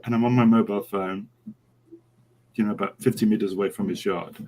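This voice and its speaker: A middle-aged horse trainer, a guest on a podcast interview, tells an animated anecdote and acts out the quoted dialogue. His voice is fairly low and brisk, and the audio quality is poor.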